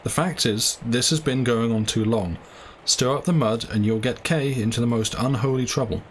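A man's voice: mid-range voice, normal speed, a little hiss or hum, close to an everyday voice. A man reading the part of a cynical, cool-headed young doctor who speaks in a sneering, offhand way.

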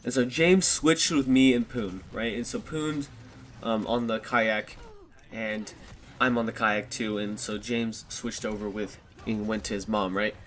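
This vlogger, a man in his twenties, has a lowish, a bit bright voice with a steady tone and measured pace. Recorded on a desktop USB microphone with a little hiss or hum, he casually tells his viewers a rambling story full of swearing and self-directed laughter.

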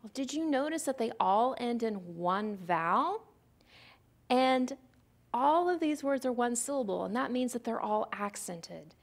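A woman presenting a recorded teaching lecture, her fairly high voice rising and falling a lot as she walks through each example. She sounds patient and asks the listener questions as she goes, with some fry in her voice. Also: lively intonation, measured pace. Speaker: literacy presenter.

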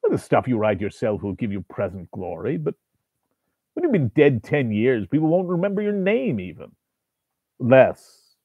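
A man's voice: mid-range voice, slightly rough, dry recording, exaggerated voice. A man voicing a contemptuous male demon who tempts and taunts, with a harsh, grating manner, over a tinny phone-like recording. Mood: coaxing. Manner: taunting, coaxing, scornful. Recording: tinny phone-like dry sound.

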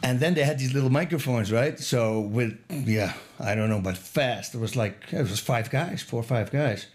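Man, guest storyteller, animated, laughs often, mid-pitched voice. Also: moderate pace. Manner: animated, laughs through his own story. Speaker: podcast guest. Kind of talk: casual storytelling.

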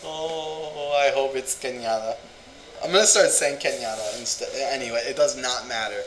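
A man's voice: mid-range voice, a little fast. A man chatting casually in a language-learning vlog, rambling and amused with himself as he sounds out words aloud. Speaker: vlogger. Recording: echoey room with faint ambient hum.

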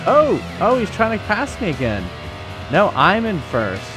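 A man streaming a game, joking and thinking out loud as he plays. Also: high voice, huge pitch swings, a little slow, music in the background. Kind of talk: casual gameplay commentary.

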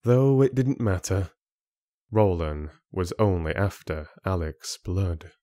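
Male audiobook narrator, low voice, slow and careful, dry close sound. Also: expressive, dark tone, dry recording. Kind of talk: scripted fantasy audiobook narration.

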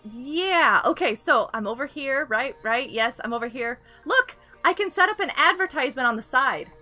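A woman's voice: sits high, lively intonation, normal speed, pushed and bright, soft background music. Bubbly giggling woman streamer. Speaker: game live streamer. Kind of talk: casual live-stream chat with viewers.

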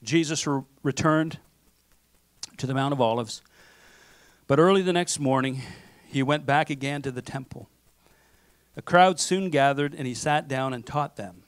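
In a church sanctuary, a male pastor delivers a conversational sermon at a normal speed with long pauses and no echo. His voice is mid-range, and he keeps asking "okay?" while voicing people's self-talk.

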